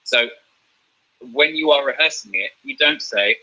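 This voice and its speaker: A man's voice: medium pitch, unhurried, sharp tone, husky, poor audio. A man teaching a drama revision lesson, explaining step by step and checking in with "okay?".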